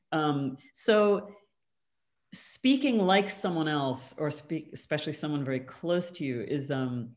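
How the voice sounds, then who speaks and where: Reflective woman speaking over a video call. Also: deep voice. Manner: thoughtful, many "um"s and "kind of", laughs lightly. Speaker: guest artist answering audience questions. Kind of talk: reflective conversational answer.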